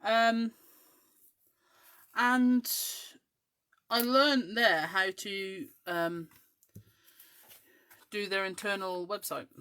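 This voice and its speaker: A chatty woman in her forties with a mostly English accent and a faint west of Scotland twang, talking in a medium-pitched voice. She hosts a crafting show and rambles casually as she works, dropping in plenty of ums. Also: very slow, long pauses, pushed and bright, smooth. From west coast of Scotland. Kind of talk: casual chat while crafting.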